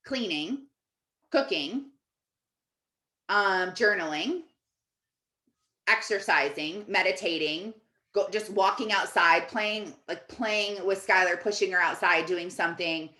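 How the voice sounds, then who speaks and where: A woman coach speaks to her team in a loose, chatty way, sprinkling "like" through her sentences. Her voice sits at a middle pitch. The room around her is echoey. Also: sharp tone. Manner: chatty, fills with "like". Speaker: Christian life coach. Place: office.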